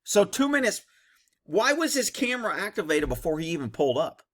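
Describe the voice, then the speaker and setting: A man's voice: high-pitched, sing-song, fairly quick. A man who was a police officer, giving blunt, cynical commentary over bodycam footage.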